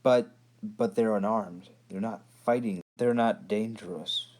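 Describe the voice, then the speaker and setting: A man's voice: fairly low pitch, measured pace, a little mellow, natural voice. A man doing a hesitant young soldier. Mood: stammering. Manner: stammering, pleading.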